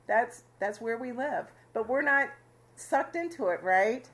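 A woman teaches scripture to her small fellowship in a relaxed, chatty way. Her voice sits high, and she often breaks into laughter with the group. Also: a little slow. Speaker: Bible study leader.

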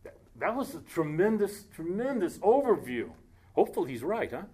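A man preaching a casual sermon, reading scripture aloud slowly and breaking off into joking asides. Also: sits high, sing-song, warm tone.

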